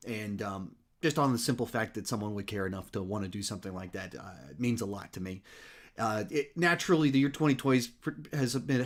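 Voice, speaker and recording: A man's voice: medium pitch, fairly bright tone. A man hosting a casual live-stream question and answer session, slightly out of breath, rambling with many fillers and restarts. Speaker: host.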